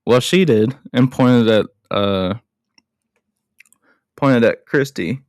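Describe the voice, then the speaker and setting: A man's voice: mid-range voice, slow pace, darkish tone, no echo, studio quality. A man hosting a casual film recap, chatty and self-deprecating with frequent asides.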